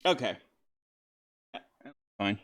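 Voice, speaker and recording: A man's voice: very slow, fairly bright tone. A man hosting a let's-play video, talking casually and rambling with lots of fillers and restarts as he sets up a game. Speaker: gaming channel host.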